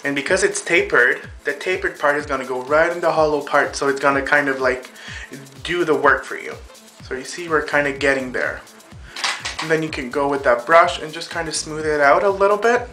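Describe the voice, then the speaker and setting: A man's voice: fairly high pitch, fairly quick, bright, forceful tone, soft background music. A man hosting a casual makeup tutorial, talking the viewers through each step in a chatty way while he applies the makeup on himself. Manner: chatty, addresses viewers as girls and boys. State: out of breath.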